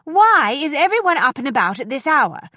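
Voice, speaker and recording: A woman voicing a prim, proper young governess who speaks precisely and firmly, in a lively, fairly high voice. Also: moderate pace, no echo, clean studio sound, heavily acted.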